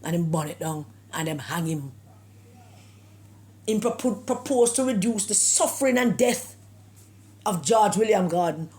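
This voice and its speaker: A woman's voice: mid-range voice, a little mellow. A Jamaican woman from Jamaica giving an emphatic political opinion monologue, with scornful rhetorical questions and slips into patois. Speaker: political commentator.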